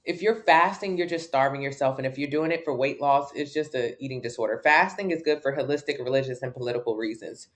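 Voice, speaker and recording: A woman's voice: rumbling low, fast talker, few pauses. A woman fitness coach, answering viewers' questions on a casual livestream in a blunt, brash, jokey way.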